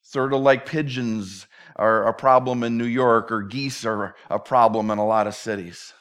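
A man's voice: mid-range voice, fairly even intonation, normal speed, fairly bright tone, clean tone. A man preaching a sermon verse by verse, talking conversationally and slipping in playful acted asides. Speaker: pastor.

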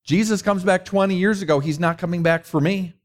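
A man's voice: high voice, brisk. A middle-aged man preaching a conversational sermon, mixing rhetorical questions with personal stories. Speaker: pastor.

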